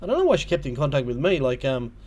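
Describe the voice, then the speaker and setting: A man's voice: medium pitch, very animated, fast, darkish tone. A man with an Australian accent hosting a casual livestream, telling a rambling story full of ums and restarts. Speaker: livestream host.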